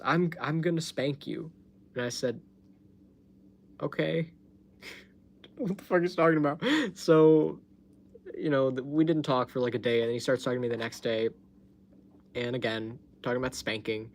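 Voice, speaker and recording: A man hosts his own live stream from home, recorded on a phone, chatting casually and telling a story while laughing often and swearing freely. His voice is mid-range, and there's a little hiss or hum.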